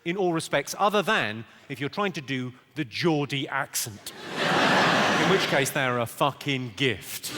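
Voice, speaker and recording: A British man performing live stand-up, delivering one-liners in a dry, deadpan way on a comedy stage. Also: medium pitch, a little slow, heavy background noise. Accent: British English.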